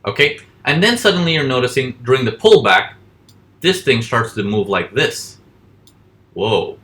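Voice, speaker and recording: A man with a medium-pitched, animated, fairly bright voice teaches forex trading in a casual live lesson over charts. He poses questions and answers them himself, acting out panicking traders in quick voices.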